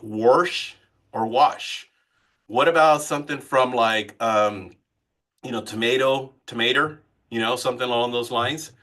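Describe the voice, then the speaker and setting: A man leading a live sales training session as a coach. He talks in an animated way and keeps asking the group questions. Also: mid-range voice. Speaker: real estate sales coach.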